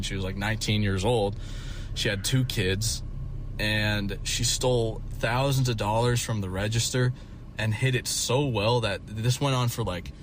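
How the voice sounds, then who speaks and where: Low-voiced man telling a rambling story. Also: slight background noise. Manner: rambling and profane, many fillers. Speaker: vlogger. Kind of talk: casual storytime vlog.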